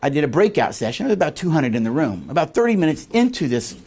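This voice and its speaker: Lively man lecturing a class. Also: a little high, quick pace, breathy edge. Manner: quizzes listeners with fill-in questions. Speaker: leadership teacher.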